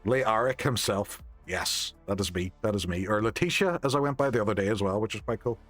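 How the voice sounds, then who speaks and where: A man's voice: fairly low pitch, a little fast. Chatty Northern Irish man streaming a game. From Northern Ireland. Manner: chatty, swears casually, reacts loudly to the game. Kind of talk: casual game streaming chat. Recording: faint background music.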